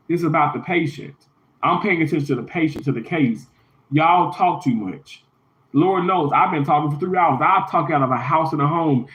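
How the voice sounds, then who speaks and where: A man livestreaming from a hotel room, venting in an emphatic, repetitive, indignant way. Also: fairly high pitch. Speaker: YouTuber livestreaming. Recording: roomy, dull lo-fi sound.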